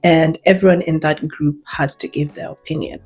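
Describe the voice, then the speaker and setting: A woman's voice: low voice, fairly even intonation, normal speed, darkish tone, husky, faint music behind. A woman talking to camera in a casual, direct way, giving practical advice on job interviews.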